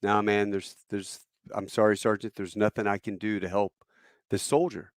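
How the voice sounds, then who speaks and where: A man's voice: fairly low pitch, level tone, normal speed, no echo, studio quality, close to an everyday voice. A man doing a weary, resigned army doctor. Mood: apologetic.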